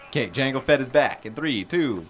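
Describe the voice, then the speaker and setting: A man co-hosting a casual let's-play, excitable and quick to laugh and yelp at the game. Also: mid-range voice. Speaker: gaming co-host. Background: game music.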